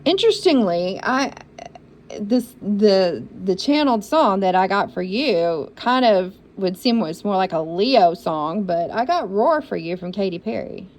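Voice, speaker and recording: A woman's voice: mid-range voice, expressive, unhurried, a little mellow, low-quality recording. A woman giving a spiritual reading for zodiac signs, talking in an encouraging, repetitive and emotional way. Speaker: intuitive reader.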